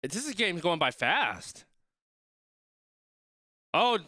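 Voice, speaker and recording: A man's voice: sits high, very animated, takes it slowly, bright, forceful tone, no echo, studio quality. A young man watching a rugby match live and chatting along, reading viewers' comments and thinking aloud, often trailing off mid-sentence. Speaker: streamer reacting to a rugby match.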